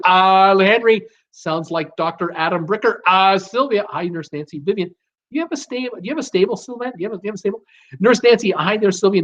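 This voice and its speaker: A man's voice: high voice, fairly bright tone. A middle-aged man hosting a live stream, casually reading out viewer comments and answering them with many fillers and restarts. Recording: dull lo-fi stream audio.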